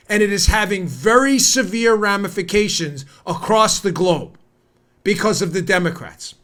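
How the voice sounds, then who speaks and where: Heated high-voiced American man. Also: moderate pace. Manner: heated and indignant, rising to near-shouting. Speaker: podcast host. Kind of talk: political commentary.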